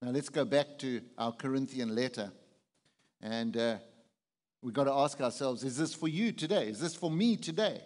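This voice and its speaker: Pastor preaching in a reverberant hall. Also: male voice, medium pitch, moderate pace, a little mellow. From South Africa. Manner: conversational, asks the congregation questions. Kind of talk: sermon.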